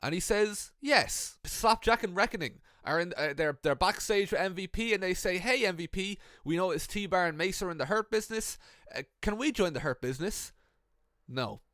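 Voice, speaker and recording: A man's voice: high-pitched, moderate pace, a bit bright, dry recording, studio quality. A young man casually recounting an imagined wrestling storyline, swearing freely and acting out the wrestlers' lines. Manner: swears often, acts out the wrestlers' quotes. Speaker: wrestling commentator.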